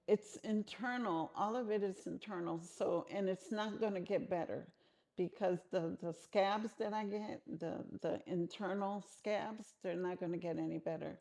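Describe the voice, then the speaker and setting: A woman's voice: lowish voice, a little slow, mellow. A middle-aged woman answering interview questions frankly and conversationally, often restarting her sentences.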